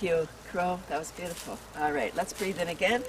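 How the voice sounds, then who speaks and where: A woman's voice: fairly low pitch, fairly even intonation, fairly quick, hardly any pauses. A woman hosting an outdoor tour vlog in a maple forest, bubbly and exclaiming, laughing often and leading breathing exercises. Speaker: host. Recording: distant mic, faint outdoor hum.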